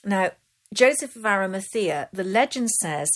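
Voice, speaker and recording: A woman from Bristol with a Bristol accent, a poet telling local legends as an interview guest, talking quickly and chattily. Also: medium pitch, animated. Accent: Bristol English. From Bristol, England. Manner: quick, chatty, laughs easily. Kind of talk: casual storytelling chat.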